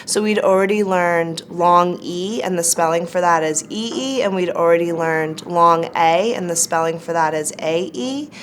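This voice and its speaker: A woman teacher calmly explaining how she teaches a phonics lesson. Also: fairly low pitch, normal speed, hardly any pauses, slight background noise. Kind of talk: interview commentary on a lesson.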